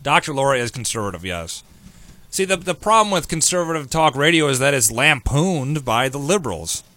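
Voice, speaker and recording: A man hosting a talk radio show, brash and sarcastic in quick banter with his co-host. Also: mid-range voice, very animated, bright, forceful tone, no echo. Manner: brash, sarcastic, rapid-fire. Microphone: studio microphone.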